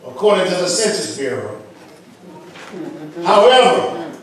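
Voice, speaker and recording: A male pastor with a Southern US accent, reading scripture slowly and then preaching with rising emphasis in a church. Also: high voice, very animated, slight background noise. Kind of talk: sermon. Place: church sanctuary. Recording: echoey hall, distant mic.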